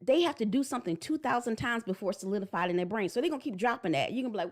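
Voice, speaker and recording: A woman in her forties giving a blunt, animated parenting talk that slips into acted-out voices. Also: mid-range voice, very fast, hardly any pauses. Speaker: parenting vlogger. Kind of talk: casual preachy monologue.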